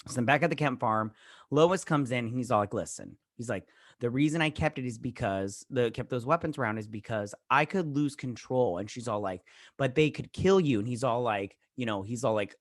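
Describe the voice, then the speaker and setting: A man with a medium-pitched voice hosts a show, recapping and reviewing a TV episode fairly quickly in a rambling, filler-heavy way. He keeps saying "he's all like" and briefly acts out characters' lines in quoted bits. The recording is dry, with clean studio sound.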